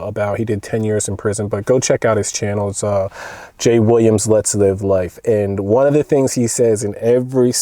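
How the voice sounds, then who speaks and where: A relaxed man tells a rambling work story in a slangy, chuckling way and keeps saying "bro." His voice is warm and mellow at a middling pitch. It is recorded close and dry, with no room sound. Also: no echo. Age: adult, older than his young coworker. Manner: laid-back and slangy, chuckling often, with frequent "bro" and "you know". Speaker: vlogger telling a work story. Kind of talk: casual storytelling monologue.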